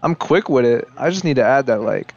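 A young man commenting casually on basketball highlights, hyped and profane, talking straight to the players on screen. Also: expressive, brisk, dull audio. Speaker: YouTube highlight reactor.

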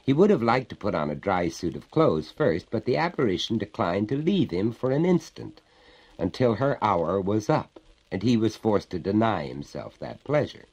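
A man narrating a storybook tale in a theatrical, wry and measured way. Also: fairly low pitch, big pitch swings, a little mellow, husky, rough recording. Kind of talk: dramatic storybook reading.

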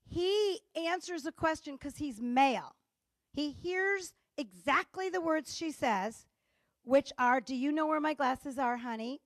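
A woman's voice: sits high, dry recording, clean studio sound. A middle-aged woman lecturing at a conference, playful, acting out little dialogues with comic timing. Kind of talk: conference talk. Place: conference stage.

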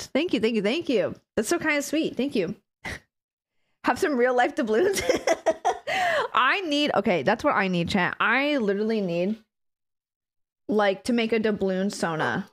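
High, lively, giggly woman streamer. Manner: excitable and giggly, quick to thank viewers. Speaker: live streamer. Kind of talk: casual chat to a live audience.

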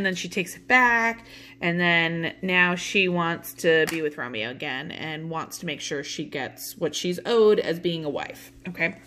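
Woman teacher chatting through a recap, lowish voice, bright and crisp, lots of okays. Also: slight background noise. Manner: chatty, fillers like okay and you know. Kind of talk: casual lesson recap.

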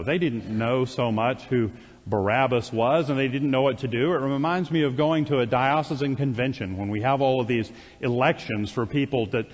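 A male priest delivers a sermon, retelling scripture like a storyteller and adding dry asides to his congregation. His voice sits at an ordinary pitch. It rings out in a church with a long reverb, captured on a dull, muffled recording. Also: breathy edge. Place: church sanctuary.

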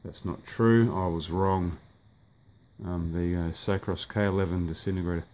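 Low-voiced, rambling man reviewing toys. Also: fairly even intonation, moderate pace, a little mellow. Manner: rambling, offhand, swears at the sunlight. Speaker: toy collector reviewing a figure. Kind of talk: casual unboxing review. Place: indoors by a sunny window.

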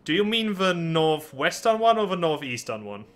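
A man's voice: fairly high pitch, sing-song, normal speed, fairly bright tone. A young man chatting casually while playing a co-op game, often stammering and restarting, a bit flustered and wry. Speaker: gameplay host. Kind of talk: casual gaming chat.

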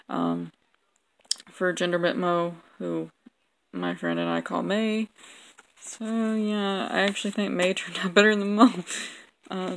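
A young woman vlogs casually about her old drawings, rambling and mocking herself with lots of ums. She has a sore throat and keeps smacking her lips; her fairly low voice is gravelly, and the poor audio carries a little hiss or hum.

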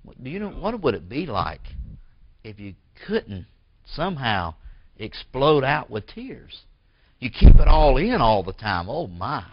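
A man preaching a sermon as pastor in a church. He swings from forceful bursts to quiet, hushed lines. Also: mid-range voice, huge pitch swings, measured pace, no room sound, highs cut off. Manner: preaching with rising emphatic bursts and drops to near-whisper.

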